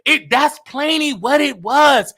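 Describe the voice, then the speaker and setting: High, bright, loud-ranting male host. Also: slow. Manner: loud, animated, often shouting. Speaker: show host. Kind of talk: comedic rant.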